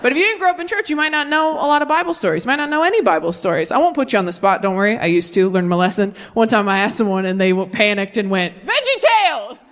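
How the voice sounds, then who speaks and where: A young woman performing a stand-up comedy set on stage, landing deadpan punchlines and jumping to animated voices when she quotes people. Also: medium pitch, racing, few pauses, very noisy. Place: comedy stage before a live audience.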